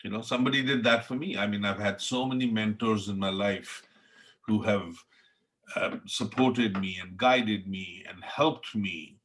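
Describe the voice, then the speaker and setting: A man's voice: lowish voice, a little slow, a bit bright. A middle-aged man from India with an Indian accent, telling his story as a guest in an interview, earnest and passionate. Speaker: chef, podcast guest. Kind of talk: reflective interview talk.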